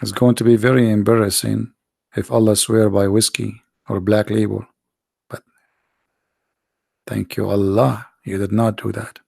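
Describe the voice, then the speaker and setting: A man with a gravelly, creaky voice delivers a mocking commentary monologue, firing off sarcastic rhetorical questions. His voice sounds tired, and the recording is dry and close with no room sound. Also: on the low side, little pitch movement, a little slow, pauses often, a little mellow, no echo. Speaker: video host and preacher.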